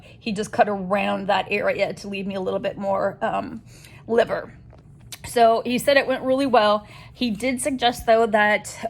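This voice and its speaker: A woman recording a candid personal video diary, talking hesitantly with many pauses and restarts as she gives a health update. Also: mid-range voice. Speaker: vlogger sharing a health update.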